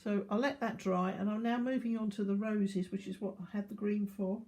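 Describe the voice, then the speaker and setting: Older woman, art teacher, mellow voice, calm step-by-step painting demo. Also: mid-range voice, moderate pace. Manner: calm, explanatory, talking while painting. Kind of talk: watercolour painting demonstration.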